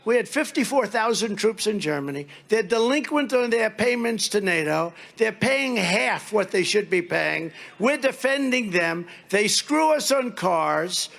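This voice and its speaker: A man with a high voice and a gravelly edge speaks at a political rally. He tells rambling, mocking stories and slips into little acted-out exchanges between people. His delivery is loose and conversational. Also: expressive, a little slow, hardly any pauses, a bit bright. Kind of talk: rally speech.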